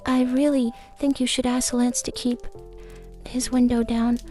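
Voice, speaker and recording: Woman playing a tiny preachy garden fairy, high-pitched, flat delivery, soft mellow tone, faint music behind. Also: unhurried, natural voice. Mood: agitated. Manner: preachy, easily agitated, rambling. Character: small fussy female garden fairy. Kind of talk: comic character podcast chat.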